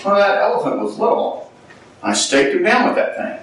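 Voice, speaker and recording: A man voicing a calm, amused elephant handler in a told story. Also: high-pitched, normal speed, pitched above the performer's own voice. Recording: echoey room, distant mic.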